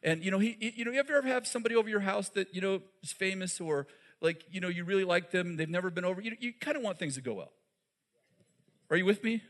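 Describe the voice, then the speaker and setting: A man's voice: high voice, fast, a bit bright. A man preaching a sermon in a conversational way, asking the audience questions and laughing at his own jokes.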